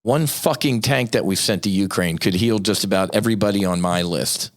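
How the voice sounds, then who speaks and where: A man's voice: lowish voice, fairly quick. A middle-aged American man hosting a podcast, delivering a blunt, profane, fired-up monologue. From United States. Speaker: podcast host. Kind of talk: impassioned monologue.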